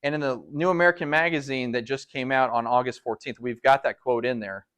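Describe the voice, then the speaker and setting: A man giving a lecture to a live audience in a meeting room, animated and full of rhetorical questions. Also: medium pitch, a little fast, smooth. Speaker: speaker at a public talk.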